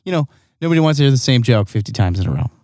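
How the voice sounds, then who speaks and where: Male co-host, mid-pitched, casual, halting delivery, dry close sound. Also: very animated, a little mellow, no echo. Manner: hesitant, restarts often. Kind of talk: casual chat.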